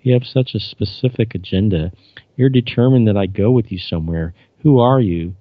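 A man's voice: lowish voice, moderate pace, no room sound, natural voice. A man reading out the lines of a resolute woman starship captain, in a plain, slightly raised delivery. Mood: defiant. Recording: dull lo-fi dry recording.

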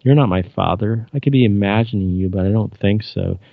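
A man reading the part of a resolute starship captain woman, gravelly low voice, plain read-aloud delivery, dull dry lo-fi sound. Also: a little fast, no room sound. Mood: defiant.

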